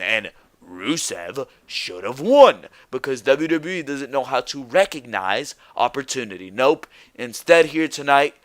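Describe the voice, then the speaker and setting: A man's voice: fairly high pitch, a bit bright, smooth, no echo. A young man reviewing a wrestling show alone, ranting bluntly and swearing freely as he gives his opinions.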